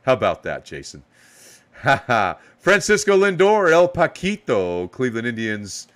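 A man's voice: mid-range voice, big pitch swings, moderate pace, a bit bright. A man hosting a live card box break, hyping each card as he pulls it and giving players playful nicknames. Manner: hype, calls out cards with playful nicknames.

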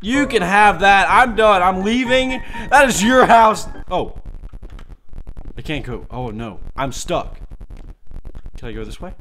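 A man's voice: high-pitched, animated, takes it slowly, pauses often, a bit bright, a little hiss or hum. A man doing casual let's play commentary on a horror game, jumpy and talking to himself and the game. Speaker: gaming host.

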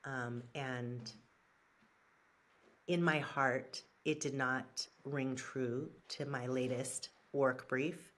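Slow, low-voiced woman strategist. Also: steady tone, fairly bright tone. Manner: measured and earnest, with frequent fillers and restarts. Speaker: guest, brand strategist and author. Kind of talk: reflective interview answers.

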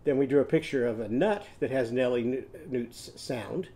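A man teaching a children's phonics lesson, modeling letter sounds in a slow, sing-song way. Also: medium pitch, warm tone. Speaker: literacy teacher.

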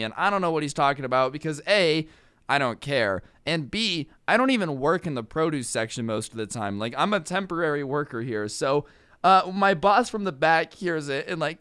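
A man's voice: on the high side, a bit bright, smooth, dry recording, clean studio sound. A young man casually telling a funny story over gameplay, chatty with lots of fillers, acting out the people in it. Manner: chatty, filler-heavy, acts out quoted people. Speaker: storytime vlogger.

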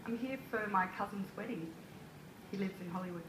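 A woman's voice: mid-range voice, fairly quick. An Australian woman answering a talk show host's questions in short, cheerful, giggly replies. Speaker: studio guest. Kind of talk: casual interview answers. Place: TV studio. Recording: roomy studio with faint noise.

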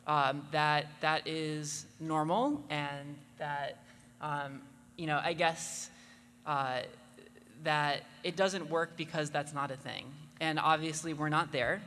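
A man speaking on a live panel in a halting way, with many pauses and fillers. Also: a little high, sharp tone. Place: convention hall stage. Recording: echoey hall with faint noise.

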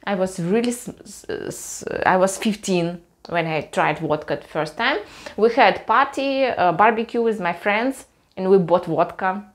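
Russian-accented woman chatting haltingly. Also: mid-range voice. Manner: halting, searching for words, laughs at herself. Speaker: vlogger. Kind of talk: casual chat to camera.

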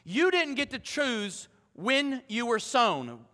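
Man, middle-aged pastor; animated sermon delivery with hushed asides, bright tone, long church echo. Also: very high-pitched, slow. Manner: animated, joking asides, swings between loud and hushed. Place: church sanctuary. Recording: long hall reverb.

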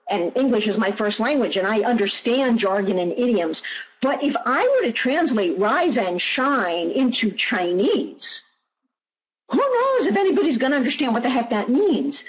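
Woman, lively emphatic webinar answer, fairly high voice, muffled online audio. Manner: animated, emphatic, repeats key phrases. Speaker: guest presenter.

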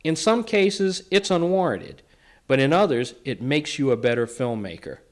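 A man presenting a film festival segment in a measured, scripted way. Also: medium pitch, expressive. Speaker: event co-host.

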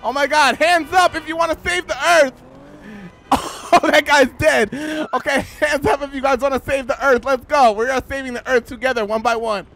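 A brash, foul-mouthed woman who runs a taco truck, as a man puts her on in a game role-play. Her voice sits high, and she lurches from crude flirting to theatrical shrieks. It is all brazen and over the top. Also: fairly even intonation, fast, few pauses. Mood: rallying.

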